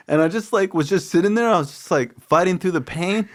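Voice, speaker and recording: A young man hosting a podcast, telling stories in a casual, animated way and acting out what people said. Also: a little high, quick pace. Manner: animated storyteller, acts out quotes. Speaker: podcast host. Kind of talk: casual storytelling chat.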